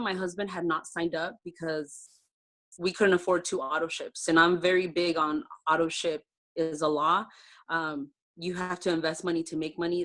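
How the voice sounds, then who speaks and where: A woman who leads a direct-sales team tells her personal success story over a video call, warm and heartfelt, speaking conversationally with many fillers. Her voice is lowish and a bit bright.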